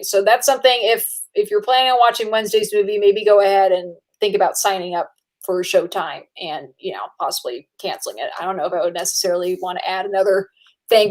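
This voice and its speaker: A young adult woman co-hosting a casual movie podcast. She talks in an excitable, chatty way, with lots of fillers and quick laughs. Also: mid-range voice. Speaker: podcast co-host.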